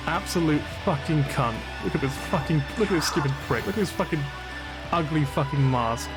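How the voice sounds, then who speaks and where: A man with a fairly high voice talks a little fast while streaming a game, offering casual commentary as he gets frustrated and swears a lot. Game music plays in the background of the recording.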